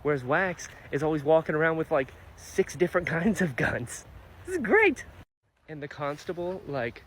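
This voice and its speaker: A man's voice: fairly high pitch, normal speed, slight background noise. A man casually reacting to a fantasy novel he is reading, enthusiastic and chatty. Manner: enthusiastic, animated, many fillers. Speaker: book vlogger. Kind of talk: casual book reaction vlog.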